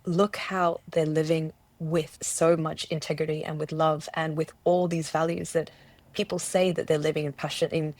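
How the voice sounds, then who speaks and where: A woman's voice: sits low, level tone, moderate pace, a little mellow, no echo. A woman from Australia telling her personal story as an interview guest, earnest and searching, often restarting and quoting herself. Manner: earnest, searching, with many restarts and self-quotes. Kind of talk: personal testimony in conversation.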